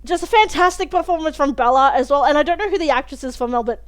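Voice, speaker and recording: A young woman hosting a reaction video, talking through an episode in a chatty, animated way and swearing freely. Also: high-pitched, fast talker. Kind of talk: casual spoken review of a TV episode.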